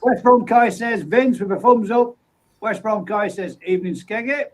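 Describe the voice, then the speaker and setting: A man's voice: high voice, normal speed, poor audio. A man hosting a casual live stream, reading out viewer comments and greeting each person by name in an easygoing, friendly way. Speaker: livestream host.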